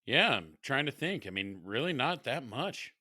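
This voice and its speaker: A man's voice: mid-range voice, big pitch swings, normal speed, bright, forceful tone, dry recording, studio quality. A middle-aged man and father co-hosting a casual podcast, laughing often and swearing freely. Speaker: podcast co-host. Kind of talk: casual chat.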